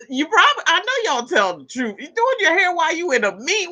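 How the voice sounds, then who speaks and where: A woman's voice: sits high, normal speed. A woman hosting a casual tarot live stream, chatting with viewers, reading their comments aloud and laughing easily. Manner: laughs easily, animated exclamations.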